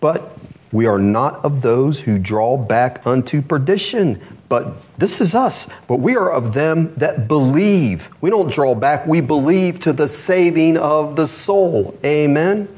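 Guy preaching a sermon, kinda high voice, lots of questions to the crowd. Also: unhurried. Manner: animated, rhetorical questions to the congregation. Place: church congregation.

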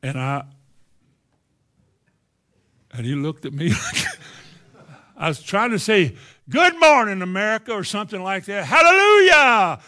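A man's voice: a little high, expressive, measured pace, long pauses, fairly bright tone. A man preaching a sermon, telling a personal story and stammering now and then.

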